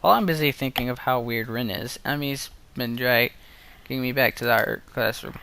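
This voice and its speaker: A man's voice: mid-range voice, normal speed, creaky, pushed and bright, clear, resonant tone. A young man reading a visual novel aloud, breaking off into rambling, self-interrupting asides. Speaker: let's play gamer.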